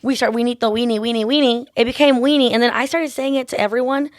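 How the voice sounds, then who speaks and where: A woman's voice: on the high side, steady tone, dry recording, studio quality. A woman nail artist telling stories in a casual chat, full of "like" and "literally". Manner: fast, chatty storyteller, lots of "like" and "literally".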